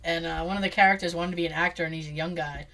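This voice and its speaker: A woman hosting a casual chat, opinionated and quick to laugh. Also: lowish voice, fairly even intonation, fairly bright tone. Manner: bubbly, opinionated, laughs often. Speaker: podcast host.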